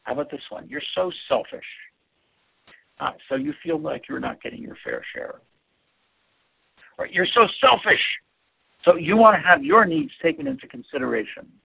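A man's voice: fairly high pitch, huge pitch swings, fairly quick, creaky, slightly rough. A man giving an earnest instructional talk on communication, often repeating words as he stresses his points. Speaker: communication teacher. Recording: tinny phone-like audio.

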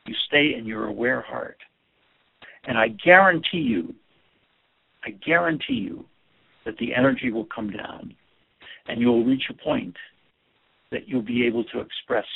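A man with a deeply gravelly, husky voice gives an earnest instructional talk on communication. His pitch swings widely as he stresses points, often repeating words. The sound is thin and tinny, like a phone line. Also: very animated, a little slow, long pauses. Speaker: communication teacher.

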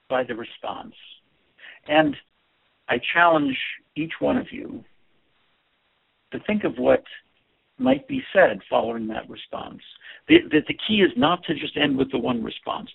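A man with a deeply gravelly, husky voice gives an earnest instructional talk on communication. His pitch swings widely as he stresses points, often repeating words. The sound is thin and tinny, like a phone line. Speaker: communication teacher.

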